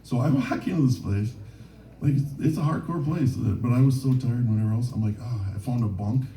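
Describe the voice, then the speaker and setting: A man's voice: medium pitch, brisk, warm tone, a little hiss or hum. A man from Minnesota, a touring musician, rambling through self-deprecating anecdotes between songs at a bar gig. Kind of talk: onstage storytelling between songs. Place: bar stage at a live gig. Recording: roomy live venue, distant mic.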